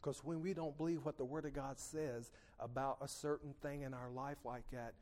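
A man preaching a sermon into a microphone in church, calling on the congregation for amens and swinging between soft, low asides and loud emphatic peaks. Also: fairly even intonation, normal speed. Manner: call-and-response, asks the congregation for amens. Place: church sanctuary.

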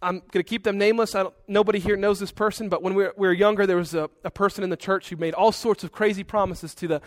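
A male pastor preaching a sermon with earnest, conversational asides. His voice sits fairly high, and the sound is dry and close to the mic. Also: steady tone, fast talker, no room sound.

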